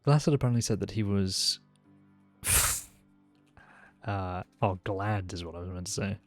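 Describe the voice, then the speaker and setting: A man's voice: low voice, a little slow, faint music behind. A man streaming a role-play game, chatting casually and laughing often as he jokes with another player. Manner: laughs often, relaxed and joking.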